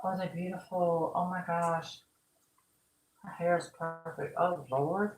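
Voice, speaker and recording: This doll restoration vlogger speaks slowly in a fairly low, steady voice during a casual live-stream chat at home. She rambles and exclaims often while sorting supplies in a room of stored boxes, with roomy sound and heavy background noise.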